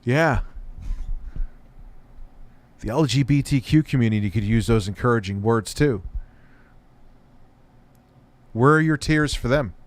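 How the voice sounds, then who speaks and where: A man's voice: medium pitch, normal speed, long pauses. A man giving a sarcastic, profane reaction commentary, ranting in disbelief. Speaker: commentary youtuber.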